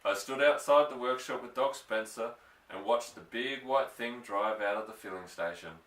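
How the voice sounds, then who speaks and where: A man's voice: medium pitch, moderate pace, fairly bright tone, recorded from a distance. Man reading a bedtime story. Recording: echoey room, voice off-mic.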